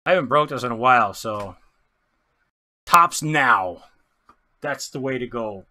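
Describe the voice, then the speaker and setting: A man giving chatty, excitable commentary while opening baseball card packs, often stumbling over player names and laughing. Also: mid-range voice, unhurried. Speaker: card pack breaker.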